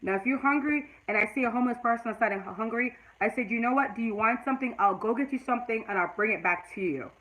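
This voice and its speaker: A woman's voice: on the high side, fast talker, few pauses, fairly bright tone, rough recording. A woman in her forties talking to her live chat in a personal vlog, earnest and at times tearful, then emphatic and preachy. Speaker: YouTube vlogger.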